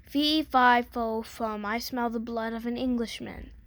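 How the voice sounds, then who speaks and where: A woman's voice: fairly high pitch, steady tone, measured pace, fairly bright tone, no echo. A woman voicing an enormous man-eating giant in a storybook reading, bellowing orders. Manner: bellowing, commanding.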